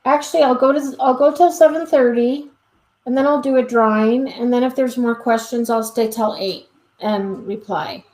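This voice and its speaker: A woman's voice: fairly high pitch, steady tone, normal speed, darkish tone. Chatty woman dog trainer, roomy echo. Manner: chatty, frequent "um", acts out quoted exchanges. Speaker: dog trainer answering live questions. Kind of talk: live Q&A, casual explaining.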